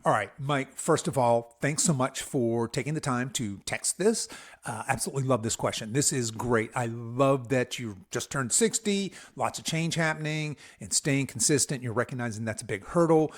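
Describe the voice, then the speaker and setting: A man in his sixties, a fitness coach hosting his own podcast, talking in an upbeat, enthusiastic way with hype-style shout-outs to listeners. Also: medium pitch, moderate pace. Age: 60s. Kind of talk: energetic podcast monologue.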